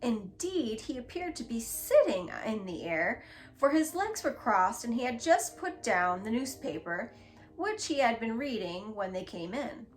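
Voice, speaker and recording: A woman reads a classic children's story aloud, gentle and expressive. Her voice sits somewhat high. Faint music plays underneath. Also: a little slow. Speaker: storybook reader. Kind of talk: children's book read-aloud.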